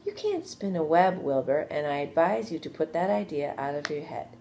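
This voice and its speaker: A woman's voice: low voice, moderate pace, vocal fry, a little hiss or hum. Woman doing a wise, patient lady spider. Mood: calm. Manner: calm, gently instructive storybook voice.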